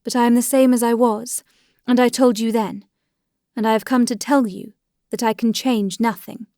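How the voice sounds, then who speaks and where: A woman's voice: on the high side, fairly even intonation, moderate pace, dark tone, no room sound, natural voice. A woman voicing a guilty young wife who speaks timidly but earnestly, in a dry, close recording.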